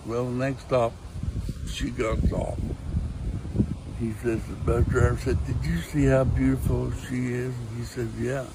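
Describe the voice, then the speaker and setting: A man's voice: medium pitch, little pitch movement, measured pace, very noisy. An older man telling dirty jokes in a folksy, rambling way. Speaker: joke teller.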